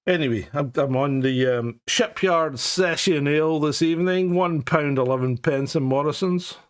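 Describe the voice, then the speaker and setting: A man's voice: fairly high pitch, moderate pace. A middle-aged Scottish man co-hosting a live stream, chatting casually, joking, laughing often and swearing freely. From Scotland. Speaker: co-host.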